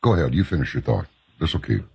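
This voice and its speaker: A man hosting an interview, speaking in a slow, emphatic way. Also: very deep voice, very animated, creaky, darkish tone, breathy edge. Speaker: host. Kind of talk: interview talk.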